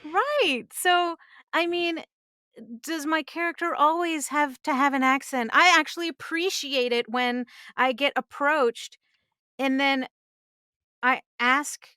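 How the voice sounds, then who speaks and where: A woman, a singer and voice actress, chatting as a podcast guest, animated and laughing often. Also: sits high, slow, no room sound, studio quality. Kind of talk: casual interview chat.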